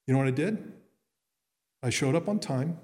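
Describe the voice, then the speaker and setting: A man's voice: mid-range voice, lively intonation, moderate pace, dark tone. A middle-aged man, a pastor, preaching earnestly in a conversational way with frequent restarts. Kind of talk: sermon. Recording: long reverb in a hall.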